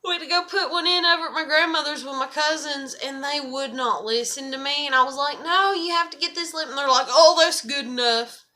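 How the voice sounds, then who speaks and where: A woman's voice: high voice, brisk, hardly any pauses, pushed and bright. A young woman chatting in a loose, rambling vlog, swearing constantly. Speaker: vlogger. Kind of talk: rambling casual vlog chat.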